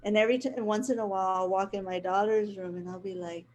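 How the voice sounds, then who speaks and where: A woman's voice: mid-range voice, steady tone, fast, hardly any pauses, darkish tone. A woman hosting a casual spiritual chat, telling a rambling personal story and laughing often. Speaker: host.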